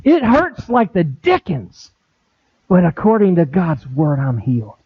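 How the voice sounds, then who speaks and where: Man, pastor, sermon, middle-aged, animated, acts out quotes, fairly high voice, tinny phone-like sound. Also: unhurried, husky, dry recording. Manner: animated preaching with acted-out quotes.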